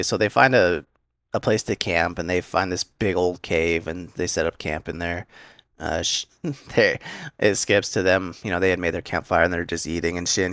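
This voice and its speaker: A young man casually retelling an anime episode in a rambling, filler-heavy way, slipping into quick voices for the characters. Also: low-pitched, fairly bright tone, no room sound, studio quality. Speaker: anime recap host.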